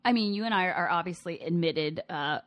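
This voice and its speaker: A woman's voice: lowish voice, fairly quick, a bit bright. A young woman co-hosting a podcast in casual chat, teasing and laughing often. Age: young adult. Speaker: podcast co-host.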